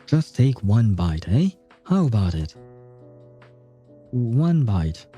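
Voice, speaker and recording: A man's voice: on the low side, big pitch swings, slow, breathy edge, faint music behind, exaggerated voice. A man voicing a kindly, coaxing old grandmother in a video game. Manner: gentle, coaxing.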